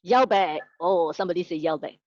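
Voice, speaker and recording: A woman's voice: fairly low pitch, fairly quick, darkish tone, no room sound, lo-fi sound. A woman teaching an online class. She asks the class questions, then tells a story to make her point. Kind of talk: online lesson told as a story.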